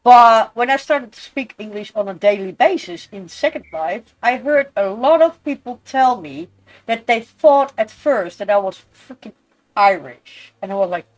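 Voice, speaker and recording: A woman's voice: on the high side, lively intonation, normal speed, low-quality recording. A Dutch woman with a Dutch accent, chatting bluntly and emphatically on a game stream, swearing now and then. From Netherlands. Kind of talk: casual chat during a game stream.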